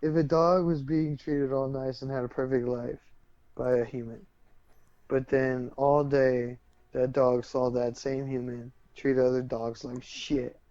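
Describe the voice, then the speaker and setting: A man's voice: mid-range voice, level tone, measured pace, dark tone, no room sound, highs cut off. A man co-hosting a podcast in casual, profane chat who keeps pressing his questions. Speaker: podcast co-host.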